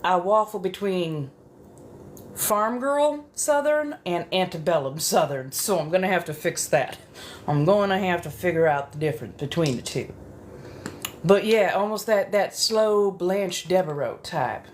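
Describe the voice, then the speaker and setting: A woman with a notably low voice talks in a soft-spoken ASMR manner. She rambles casually and chattily from one thought to the next. A faint hum of room ambience sits behind her. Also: expressive, unhurried. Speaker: ASMR creator.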